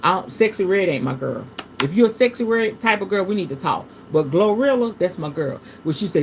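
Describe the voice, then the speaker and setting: An animated woman leads a live tarot reading like a casual sermon. Her pitch swings from low and hushed to high and loud, and she drops salty curse words. A light hiss sits under the recording. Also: a little fast. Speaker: tarot reader hosting a livestream.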